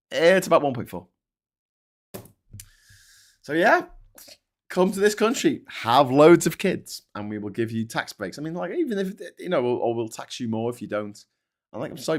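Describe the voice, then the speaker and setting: A man hosting a show, ranting in casual, heavily sweary commentary. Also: a little high. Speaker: host.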